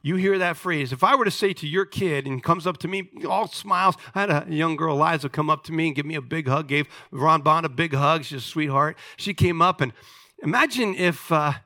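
High, bright-voiced preaching pastor. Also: male voice, a little fast, no echo, studio quality. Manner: emphatic preaching, calls for amens from the congregation. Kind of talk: sermon.

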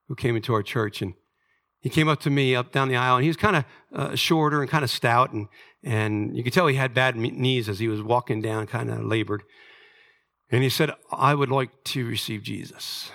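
A man's voice: medium pitch, fairly bright tone. A middle-aged man preaching a sermon as pastor, in an earnest, conversational way, and reading scripture aloud.

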